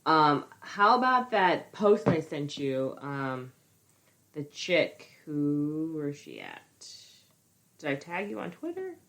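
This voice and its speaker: Low female co-host, blunt and exasperated, casual and unpolished. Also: wildly swooping pitch, slow, a bit bright. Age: adult with a school-age child. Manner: blunt, exasperated, swears freely. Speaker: podcast co-host. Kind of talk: casual chat.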